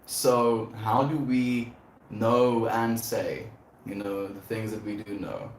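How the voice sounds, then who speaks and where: A man's voice: fairly low pitch, a little mellow. Rambling, reflective man streaming live. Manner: rambling, reflective, laughs often. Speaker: livestream host. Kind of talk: casual livestream chat. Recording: echoey room, faint background noise.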